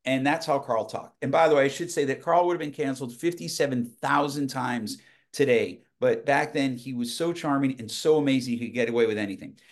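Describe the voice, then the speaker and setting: A man guest on a podcast, telling lively anecdotes in casual conversation, often restarting his sentences. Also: medium pitch, a little fast. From United States. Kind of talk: casual storytelling.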